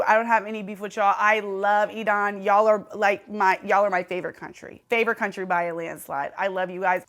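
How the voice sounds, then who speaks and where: A young woman from California hosting her own show, delivering a playful, animated comedic monologue. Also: medium pitch. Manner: playful, animated, breaks into impressions. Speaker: host.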